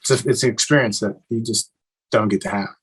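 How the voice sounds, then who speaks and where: A young adult man from Eastern Kentucky, answering interview questions in a relaxed way with many fillers and restarts. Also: lowish voice, brisk, breathy edge, poor audio. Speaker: actor guest.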